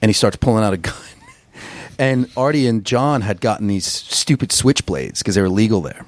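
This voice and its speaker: A man from Long Island, a podcast guest and musician, telling road stories in a casual interview, animated and swearing freely. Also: medium pitch, fairly quick, dry recording. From Long Island, New York. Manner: animated storyteller, swears freely, acts out quotes.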